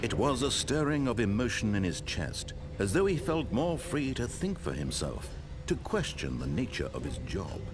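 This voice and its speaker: A wry, lively-voiced game narrator. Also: male voice, fairly low pitch. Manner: measured storytelling with dramatic swells. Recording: game audio with steady background noise.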